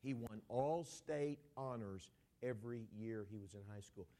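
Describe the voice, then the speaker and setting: A man's voice: mid-range voice, measured pace, mellow, pitched below the performer's own voice, lightly acted. A man quoting a grieving, bitter father who insists on his points, in an everyday voice. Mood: proud, grieving. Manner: insistent, repeats himself. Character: grieving proud older father, bitter toward God.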